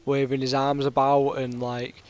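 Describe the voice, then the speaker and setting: A man's voice: mid-range voice, monotone, measured pace, background noise. Chatty British guy with a sore throat. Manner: rambling, chatty, full of fillers. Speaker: gaming commentator. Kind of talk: casual storytelling over gameplay.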